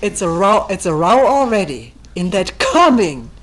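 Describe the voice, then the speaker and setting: A woman meditation teacher giving a calm, thoughtful talk, reading a text aloud and commenting on it. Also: a little slow, low-quality recording. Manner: calm and thoughtful, acting out quoted voices with raised pitch. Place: retreat meeting room.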